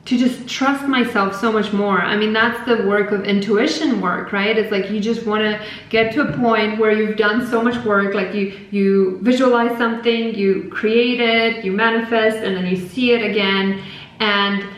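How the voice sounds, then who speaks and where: A woman hosting a podcast, talking in a casual, rambling and animated spiritual monologue with lots of fillers. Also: medium pitch, normal speed. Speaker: podcast host. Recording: very echoey room.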